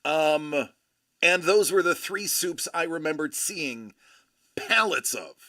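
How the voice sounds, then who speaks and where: Man, American accent, very animated delivery, crisp bright tone, rambling joking chat. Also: fairly high pitch, slow. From United States. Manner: rambling, joking, with many fillers and restarts. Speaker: livestream host and father.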